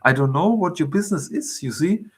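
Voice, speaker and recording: A man's voice: on the high side, expressive, fairly quick, husky. A man reading aloud the lines of a sheepish young man who stammers. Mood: hesitant. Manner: hesitant, stammering.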